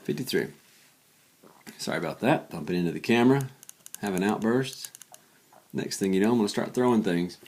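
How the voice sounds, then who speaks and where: A man's voice: on the low side, animated, fairly quick, pauses often, a little mellow. A tired man talking casually and thinking aloud as he works through math problems late at night, joking about his own slips. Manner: chatty, thinks aloud while solving, self-deprecating. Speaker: math teacher. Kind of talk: casual worked-example math lesson.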